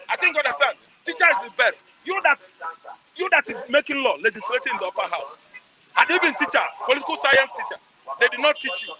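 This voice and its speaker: A middle-aged Nigerian man gives an impassioned street interview. He preaches, repeats phrases for emphasis, sometimes shouts, and asks himself rhetorical questions. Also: extremely high pitch, poor audio.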